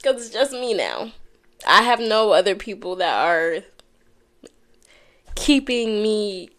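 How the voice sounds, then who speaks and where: A woman's voice: medium pitch, lively intonation, normal speed, a bit bright. A young woman hosting her own podcast alone, talking candidly and casually into a microphone, swearing freely and often saying y'all. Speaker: podcast host. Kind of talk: casual solo talk to camera. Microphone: headphones and microphone.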